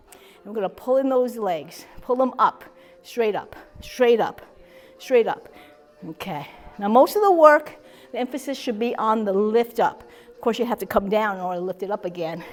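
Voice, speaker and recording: Upbeat high-voiced woman fitness instructor. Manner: upbeat, encouraging, with cheering whoops. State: slightly out of breath. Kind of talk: guided chair exercise class. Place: senior center hall.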